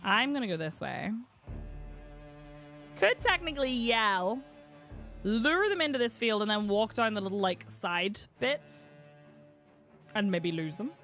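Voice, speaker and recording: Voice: medium pitch, sing-song, measured pace, pauses often, sharp tone, soft background music. A streamer from the UK giving wry, muttering running commentary while playing a game. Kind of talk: casual gameplay commentary.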